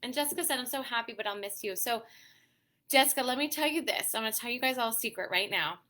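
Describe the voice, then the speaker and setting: A woman's voice: fairly high pitch, quick pace, bright, forceful tone. A woman hosting a casual livestream for moms, chatty and encouraging, reading out viewer comments. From Pittsburgh area, USA. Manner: chatty and encouraging, often adds "okay?" and "you know". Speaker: host of a mom community livestream.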